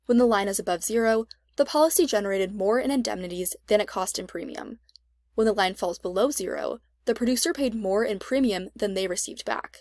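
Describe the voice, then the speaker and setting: Lady reading a how-to walkthrough, steady and even, mid pitch, dry voice-over. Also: brisk, dry recording. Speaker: extension instructor. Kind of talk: scripted tutorial narration.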